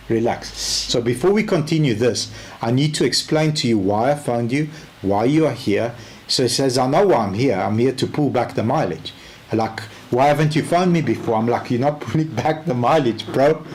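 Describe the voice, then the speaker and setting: Telling a lively story in a relaxed training session, this South African man, a car sales trainer, acts out both parties in the exchange. His voice is mid-range and he talks at a normal speed.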